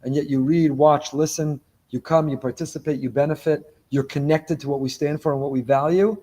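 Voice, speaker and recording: Before a live congregation in a synagogue, a man preaches as a rabbi with emphasis, returning to key phrases and mixing in Hebrew terms. His voice sits on the high side with a dark tone, brisk and fairly even in intonation.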